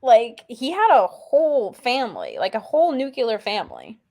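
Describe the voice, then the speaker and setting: A woman's voice: a little high, wildly swooping pitch, moderate pace, dark tone. A woman guest on a film podcast, gushing emotionally about a movie and swearing casually. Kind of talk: casual film review chat.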